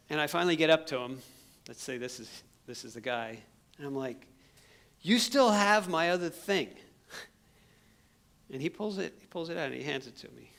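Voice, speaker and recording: A man, a missionary, telling an animated story from a church stage and acting out his own shouts. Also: on the high side, vocal fry. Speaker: missionary speaker. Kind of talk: sermon storytelling. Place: church sanctuary.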